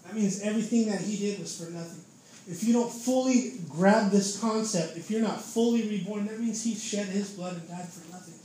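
A man's voice: high voice, moderate pace, warm tone. A young man giving a casual preaching testimony, fervent and informal, constantly dropping "man" and "dude" into his talk. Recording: very echoey room with faint noise.

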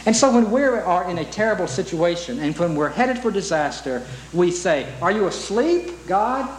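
A man's voice: high voice, expressive, moderate pace, reverberant, a little hiss or hum, poor audio. A man preaching a sermon in an earnest way, asking rhetorical questions and reciting hymn lyrics.

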